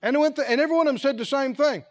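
A man's voice: extremely high pitch, very fast. A man preaching a sermon as head of a ministry, emphatic and repetitive, asking the congregation questions and acting out quotes.

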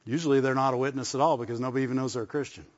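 Pastor preaching in an echoing hall. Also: male voice, medium pitch, steady tone, rapid-fire. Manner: conversational preaching with call-and-response asides. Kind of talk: sermon. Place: church service. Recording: muffled sound with long hall reverb.

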